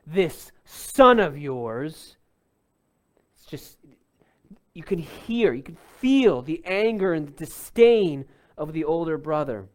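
A man pastor delivers an expository sermon, his voice sitting a little high for a man. He takes his time, laying out each point deliberately, then punches certain words for emphasis. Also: warm tone. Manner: deliberate teaching tone with emphatic bursts.

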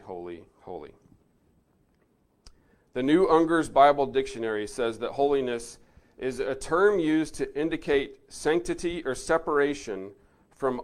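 A man giving an earnest Bible teaching, stressing key words and then dropping to a soft, reflective tone. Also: medium pitch.

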